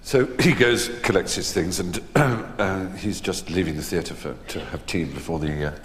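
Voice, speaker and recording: A man with a very low voice spins theatre anecdotes as an unhurried raconteur on stage, pausing on ums and restarts. The sound comes from a large hall with a long, roomy tail of reverb. A faint hum sits underneath. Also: fairly bright tone. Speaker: stage conversation guest. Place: theatre stage before a live audience.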